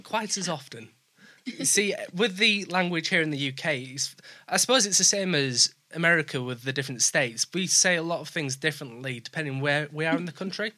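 A man with a Yorkshire accent, a presenter in easygoing, quick chat. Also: fairly high pitch, sharp tone. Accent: Yorkshire English. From Yorkshire, England. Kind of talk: casual chat.

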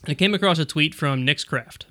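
Man, middle-aged, podcast co-host, casual tech chat, rambling, chuckling, bright tone. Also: on the high side, a little fast. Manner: rambling, self-interrupting, chuckling.

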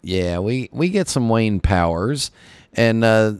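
Gravelly-voiced male show host. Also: on the low side, animated, takes it slowly, no room sound, studio quality. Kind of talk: casual interview chat.

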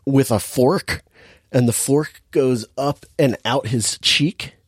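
A man's voice: mid-range voice, slow pace, husky, no echo, clean studio sound. Laughing man recapping a movie. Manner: animated storyteller, laughs often, acts out quotes. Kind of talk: casual movie recap chat.

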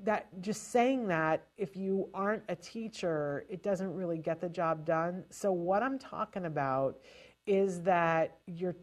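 A woman giving parents casual spoken advice in a lively, chatty way, often restarting her sentences. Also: on the low side, measured pace. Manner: animated and chatty, with frequent restarts. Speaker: advisor to parents on child language delay.

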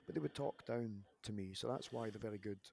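A man in his thirties hosting a podcast, telling long rambling stories with animated restarts in a casual chat. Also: on the low side, brisk, creaky, slight background noise. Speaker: podcast host, wrestler.

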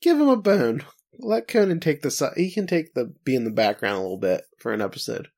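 A man co-hosting a casual podcast, talking in a playful, teasing way with quick asides. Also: fairly high pitch, sing-song, gravelly, darkish tone. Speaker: podcast co-host.

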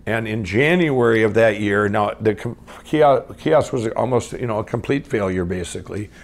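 Gravelly, rambling middle-aged man. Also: on the low side, moderate pace. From Minnesota. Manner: rambling, full of restarts and "I'm going"; swings from excited to hushed. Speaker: guest storyteller. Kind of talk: unscripted personal storytelling.

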